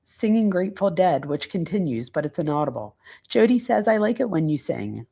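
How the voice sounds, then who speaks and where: Gravelly-voiced woman reading transcript quotes. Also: lowish voice, sing-song, mellow. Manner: reads quotes aloud, pausing to search her notes. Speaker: true crime channel host. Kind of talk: casual reading and commentary.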